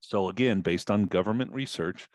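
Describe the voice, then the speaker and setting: A man's voice: deep voice, normal speed, darkish tone, no room sound. A man giving a conversational webinar talk on running an auto repair business, with fillers and restarts.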